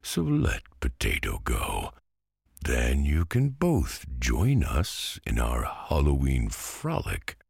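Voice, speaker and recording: A man's voice: very deep voice, wildly swooping pitch, slow pace, gravelly, darkish tone, husky, no echo, clean studio sound, heavily acted. A man voicing a cheery, bossy talking pumpkin in a storybook reading, speaking in a coaxing, persuasive way. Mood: reassuring.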